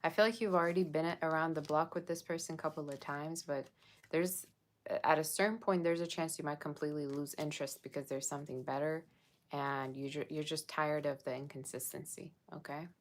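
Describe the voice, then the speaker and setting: A woman's voice: low voice, steady tone, a little fast. A woman reading tarot for her viewers in a casual, chatty way, checking in with them often. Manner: chatty, addresses viewers with frequent "okay?". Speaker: tarot reader.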